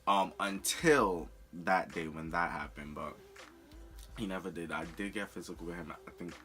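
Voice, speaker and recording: A young man telling a personal story in a candid, profane, animated way on a storytime vlog. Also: low-pitched, normal speed, faint music behind. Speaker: vlogger.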